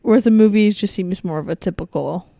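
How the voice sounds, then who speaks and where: Mellow-voiced young woman, laid-back. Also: mid-range voice, brisk, gravelly, no echo. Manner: laid-back, short replies, laughs easily. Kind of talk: casual chat.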